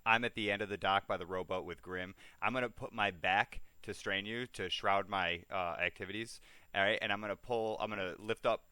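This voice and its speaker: A man's voice: lowish voice, fairly even intonation, brisk, pushed and bright, clear, resonant tone, no echo. A man playing a tabletop role-playing game, swearing, laughing often and restarting his sentences. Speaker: player.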